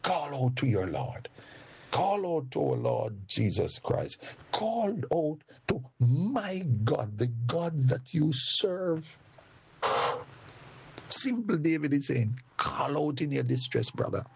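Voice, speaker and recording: A man preaching a sermon slowly and deliberately, his pitch sweeping up and down as he addresses the congregation. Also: vocal fry, slightly rough, lo-fi sound.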